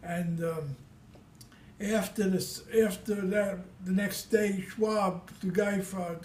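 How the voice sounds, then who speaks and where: Slow and fairly even in intonation, the older Brooklyn, New York man's high, slightly mellow voice echoes around the room amid slight background noise. His war stories come out rambling and repetitive, full of restarts.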